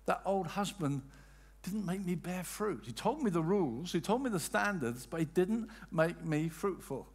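An older man delivers a sermon from the pulpit, his voice sitting a little higher than most men's. He swings between soaring emphasis and quiet, settled statements, and acts out the people in his stories as he tells them. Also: breathy edge. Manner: animated preaching, voice rising and falling with emphasis; tells anecdotes with dramatic quoted voices. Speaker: pastor.

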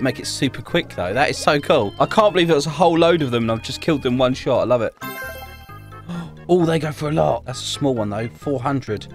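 A young man casually commentating on his gameplay, chatty and excitable, often laughing. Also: fairly high pitch. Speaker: gaming YouTuber. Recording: faint game music behind.

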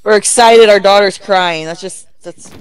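A woman's voice: medium pitch, normal speed, clear, resonant tone, poor audio. A woman streaming a co-op game, reacting in a dramatic, squeamish way in casual commentary.

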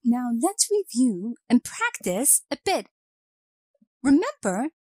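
A woman reads a scripted grammar lesson at a slow, careful pace. Her pitch sits a little high and moves up and down a lot. The recording is dry and close. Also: a little mellow, no room sound. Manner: slow, clear instructional delivery. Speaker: English teacher.

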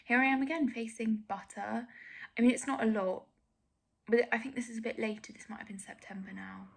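A woman's voice: fairly high pitch, steady tone, brisk, gravelly. A young woman giving candid, self-critical reaction commentary as a vlogger, often dropping to a near whisper.

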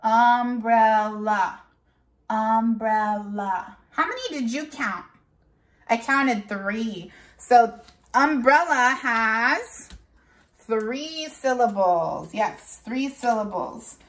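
A woman teacher leading a morning lesson for young children, speaking slowly and clearly and repeating words so the class can follow along. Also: on the high side, expressive, a bit bright. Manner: slow, clear, drawn-out classroom delivery; switches into Spanish for the date.

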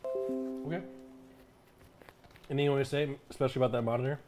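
A man streamer making deadpan, mock-serious jokes over dinner at home. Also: medium pitch, fast, music in the background. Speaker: streamer host. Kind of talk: casual dinner chat on stream.

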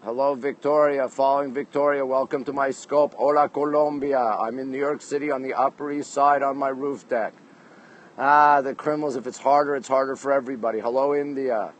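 Speaking into a phone held at arm's length, a chatty Canadian man hosts a livestream from a rooftop at night, greeting viewers one by one by their town or country and answering their comments in a friendly, upbeat way. His voice is an ordinary middle pitch for a man, with fairly even intonation and a brisk pace, and the audio is poor.

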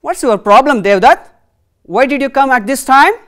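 Woman reading as a firm, calming king, from a classroom play reading. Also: sits high, brisk, pitched above the performer's own voice. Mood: stern questioning. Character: calm, stern old king on his throne.

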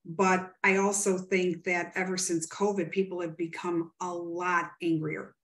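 A woman's voice: lowish voice, flat delivery, unhurried. A woman psychic medium, a guest in an interview, telling family stories in an earnest, rambling way.

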